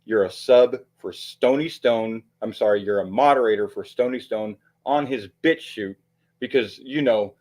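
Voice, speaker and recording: A man's voice: fairly low pitch, moderate pace, darkish tone. A man giving heated, profane livestream commentary, rambling with frequent restarts and fillers.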